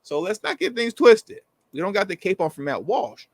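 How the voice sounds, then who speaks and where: Animated slangy man with a high voice. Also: moderate pace, no room sound. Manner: animated, slangy, acts out quoted people. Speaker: co-host. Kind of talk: casual commentary chat.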